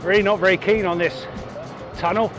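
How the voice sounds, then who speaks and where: A chatty, enthusiastic man with a fairly high voice narrates as he cycles along roads and through tunnels. He talks to an action camera on his bike, and music plays clearly underneath. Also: steady tone, a little fast. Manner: chatty, enthusiastic, thinking aloud with fillers. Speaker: cycling vlogger. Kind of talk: casual narration while riding.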